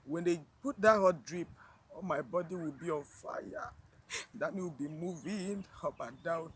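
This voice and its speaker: A woman's voice: fairly low pitch, slight background noise, rough recording. Emotional woman telling her story. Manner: halting, repeats herself, sighs. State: emotional, near tears. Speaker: vlogger. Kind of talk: personal storytelling to camera.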